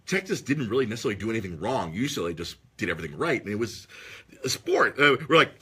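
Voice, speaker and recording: Talking fast in a fairly low male voice with a little hiss or hum, this LA-area podcast host spins an excitable story. His chat is casual and full of swearing, punctuated by loud, shrieking impressions.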